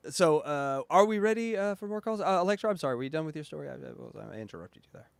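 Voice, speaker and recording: Man, podcast host, giggly, riffing, high animated voice, dry sound. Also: fast talker, gravelly, clean tone, dry recording. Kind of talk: casual commentary chat.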